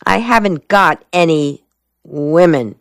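A woman's voice: deep voice, expressive, takes it slowly, no room sound, full character voice. A woman voicing a determined young male soldier who speaks in short, clipped words. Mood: pressing. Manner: terse, clipped speech. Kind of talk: audiobook dialogue reading.

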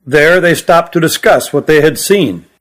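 Man reading an audiobook, fairly high voice. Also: moderate pace, fairly bright tone. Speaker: author narrating his own book. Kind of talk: audiobook narration.

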